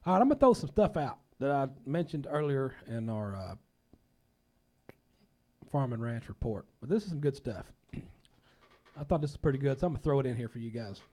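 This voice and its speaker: A man's voice: medium pitch, very animated, fairly quick, long pauses, mellow. A man hosting a casual talk show, folksy and rambling, a bit under the weather.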